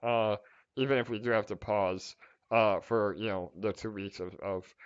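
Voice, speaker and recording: A man chats through community questions on a livestream call, reassuring and loose, with plenty of fillers and false starts. His voice is smooth and full. The call audio is a little muffled and lo-fi. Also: on the low side, steady tone, normal speed. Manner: chatty, many fillers and restarts, reassuring. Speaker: project team host answering community questions. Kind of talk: casual livestream Q&A. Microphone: online call microphone with glitchy audio.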